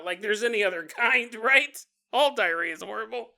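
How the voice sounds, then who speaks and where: A man's voice: high voice, moderate pace, vocal fry, few pauses, sharp tone. A man hosting a podcast, telling a story in a comedic monologue, joking crudely and laughing often. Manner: crude humor. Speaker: podcast host.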